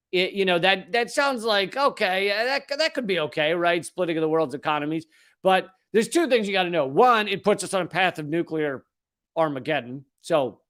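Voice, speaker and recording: A man hosting a live-stream commentary, reading from an article and breaking off into sarcastic, joking asides. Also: on the high side.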